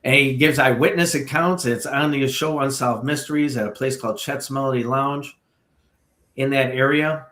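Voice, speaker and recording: A man from the area, a paranormal tour guide telling a ghost story as a podcast guest with lively asides. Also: medium pitch, normal speed, roomy sound. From Chicago area. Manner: animated storyteller with many asides.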